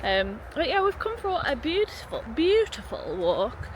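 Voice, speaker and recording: A woman's voice: high-pitched, big pitch swings, unhurried, noisy background. A young woman chatting casually and upbeat, self-deprecating, in a day-in-the-life vlog, first while cooking at home, then out on a walk. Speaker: vlogger. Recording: roomy sound with loud kitchen sizzle and outdoor ambience.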